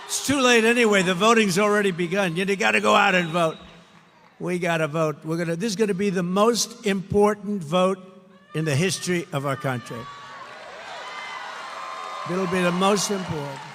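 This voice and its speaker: Older man shouting a rally speech. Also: high-pitched, normal speed, a little hiss or hum. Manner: repetitive, emphatic, rising to shouted lines. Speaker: political speaker at a rally. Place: large indoor rally venue. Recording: echoey hall, faint crowd ambience.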